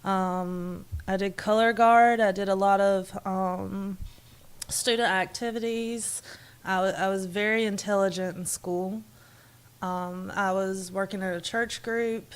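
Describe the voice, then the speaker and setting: Woman, 20s, from North Carolina, podcast guest, soft-spoken, casual interview, mid pitch. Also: fairly even intonation, a little slow, clear, resonant tone.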